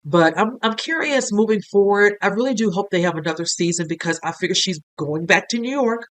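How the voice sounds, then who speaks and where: A man with a fairly high-pitched voice hosting a casual reaction commentary. He talks earnestly and with feeling, looping through filler phrases as he works through his thoughts. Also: a little fast, a bit bright. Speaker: reaction video host.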